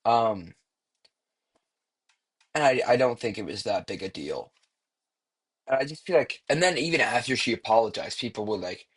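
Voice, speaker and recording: A young man rambling through casual online commentary, swearing freely and filling pauses with "like" and "um.". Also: fairly low pitch, animated, husky. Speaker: commentary YouTuber.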